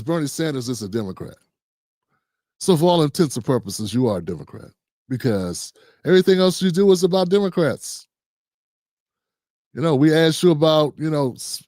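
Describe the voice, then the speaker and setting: A laid-back man hosting a livestream, reacting to a news clip in loose, conversational commentary. His voice sits a little high for a man. The sound is close and dry, with no room around it. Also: dark tone, no echo. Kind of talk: casual commentary.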